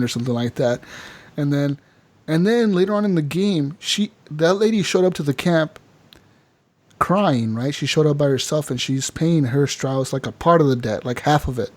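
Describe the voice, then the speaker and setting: A man on a casual gaming podcast, talking through a game he has been playing. He speaks a little higher than most men, swears freely, and slips into brief character voices as he tells the story. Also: lively intonation, normal speed, darkish tone. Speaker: podcast co-host.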